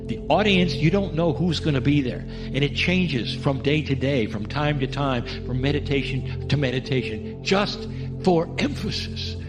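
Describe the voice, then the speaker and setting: A man's voice: a little high, animated, normal speed. Man giving a coaxing guided meditation. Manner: gentle, coaxing, addresses listeners directly with questions. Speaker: spiritual channeler. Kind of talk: channeled spiritual discourse, guided meditation. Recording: long hall reverb with music behind.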